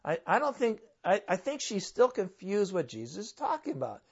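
A man's voice: high voice, wildly swooping pitch, normal speed, husky. Conversational male preacher, dull lo-fi sound. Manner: conversational, asks rhetorical questions. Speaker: pastor. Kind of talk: sermon.

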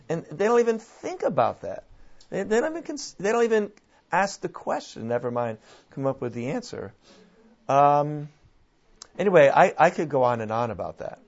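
Male guest speaker, lively and rambling, on a muffled, lo-fi recording. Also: a little high. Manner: animated, restarts often, laughs. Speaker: guest speaker on church and culture. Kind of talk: conversational discussion. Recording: dull lo-fi sound.

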